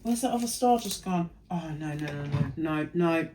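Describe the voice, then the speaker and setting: A woman's voice: fairly low pitch, expressive, normal speed, few pauses, a little hiss or hum, poor audio. A tired woman, chatting and muttering to herself while working in her craft studio. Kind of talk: casual crafting vlog narration.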